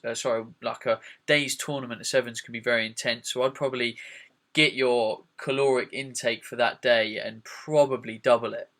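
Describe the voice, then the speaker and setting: A man hosting a casual podcast, giving practical advice in a relaxed way. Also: mid-range voice. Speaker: podcast host.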